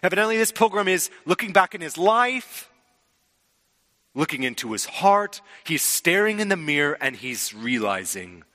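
Male pastor, sermon, bright clear voice, loud then hushed delivery, long hall reverb. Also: a little high, moderate pace. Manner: expressive preaching, swings from loud to hushed.

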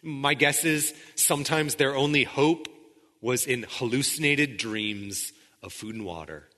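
A man preaching a sermon in a conversational way, with frequent restarts, sometimes dropping into quiet intensity. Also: medium pitch, measured pace, in a large hall. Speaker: pastor.

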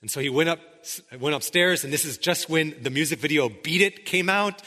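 Bright, forceful preacher in reverberant hall. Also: male voice, fairly high pitch, a little fast. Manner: emphatic, keeps asking "right?". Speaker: pastor. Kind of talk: sermon.

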